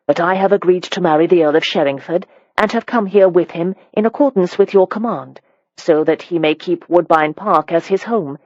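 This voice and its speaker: A woman's voice: lowish voice, darkish tone, no room sound, dull audio, close to an everyday voice. A reader voicing a composed, courteous but firm woman of good standing in an audiobook. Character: calm, composed woman of rank, firm and polite. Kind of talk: audiobook character reading.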